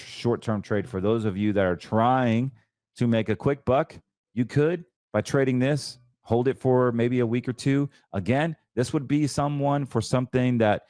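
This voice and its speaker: A man's voice: mid-range voice, a little mellow, dry recording, clean studio sound. A man hosting a financial show, talking through trades in a chatty, emphatic way, stumbling over words and correcting himself. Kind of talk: casual market commentary.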